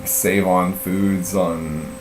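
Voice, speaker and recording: In a casual live-stream chat, a middle-aged man recounts a story in a deep, level voice, speaking extremely slowly. His telling is rambling and profane, packed with fillers and laughs at his own expense, picked up by a roomy, distant mic with faint mains hum.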